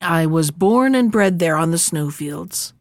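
A woman's voice: on the low side, expressive, unhurried, dry recording, clean studio sound. A woman voicing an eager, proud male reindeer in a storybook reading.

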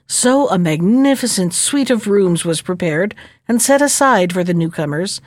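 A woman narrating a fairy tale in a gentle, measured reading voice. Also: medium pitch, dry recording, clean studio sound.

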